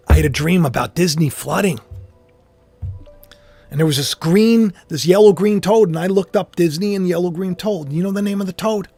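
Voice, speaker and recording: A man with a high-pitched, slightly rough voice preaches to an online audience at normal speed, offering impassioned spiritual commentary. He repeats phrases emphatically and moves between loud outbursts and hushed asides. Faint music plays behind him.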